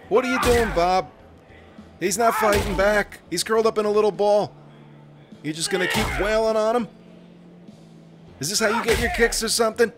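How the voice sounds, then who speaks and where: A man's voice: high-pitched, fairly quick, pauses often. A man giving let's play commentary, profane and joking, talking back to the characters on screen. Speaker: gaming commentator. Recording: music playing behind.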